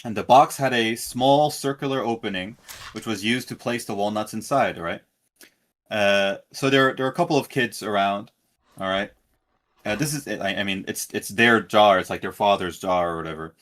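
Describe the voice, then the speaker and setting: Man guest, earnest storyteller, low-pitched, stumbles and restarts. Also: normal speed, a bit bright. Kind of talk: casual storytelling.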